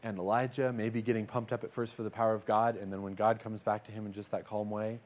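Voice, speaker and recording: A man's voice: fairly low pitch, flat delivery, quick pace, darkish tone. A man telling a Bible story in a casual, conversational way, slipping into little acted-out voices for the characters. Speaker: Bible teacher.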